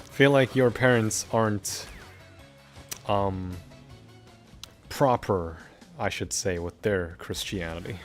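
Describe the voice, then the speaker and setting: A young man with a fairly low voice chats easily with his viewers as he plays. His talk is loose and offhand, and faint music plays under it. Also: slow, long pauses. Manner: chatty, laid-back, talking back to chat between moves. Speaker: streamer. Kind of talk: casual chat while streaming a game.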